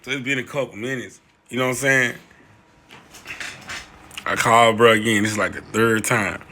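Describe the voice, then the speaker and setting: A young man telling an animated storytime, slangy and excitable, jumping into other people's voices as he reenacts the scene. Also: medium pitch, moderate pace, pauses often. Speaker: storyteller vlogger.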